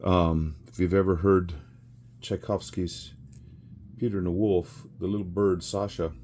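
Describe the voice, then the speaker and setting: A man's voice: deep voice, level tone, a little slow, a little mellow, a little hiss or hum. A man in his sixties telling a rambling story with chuckles and fillers while he works on a craft. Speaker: resin crafter.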